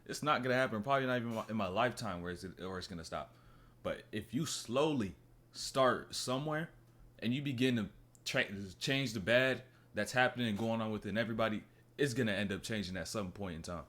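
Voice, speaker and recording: Man, lowish voice, casual reaction commentary, rambling, trails off quietly. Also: a little fast. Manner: thoughtful, rambling, voice drops low at the ends of thoughts. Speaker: reaction video host.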